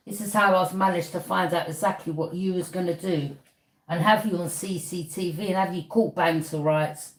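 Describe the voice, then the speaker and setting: A woman's voice: fairly low pitch, moderate pace. Accusing woman in an echoey room. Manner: accusing, repeats "yeah?" as a challenge. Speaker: tarot reader. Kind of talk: confrontational monologue to camera.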